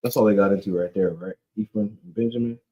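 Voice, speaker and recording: A man's voice: lowish voice, fairly even intonation, fast talker, highs cut off, slight background noise. Slangy man leading a casual Bible study. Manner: conversational, keeps saying "you know what I'm saying"; slangy and joking. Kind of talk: casual scripture teaching.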